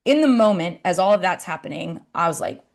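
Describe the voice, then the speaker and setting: A woman's voice: fairly low pitch, animated, a little fast, creaky. A woman giving a casual storytelling sermon at a campus ministry gathering, chatty and loose, with many fillers and asides.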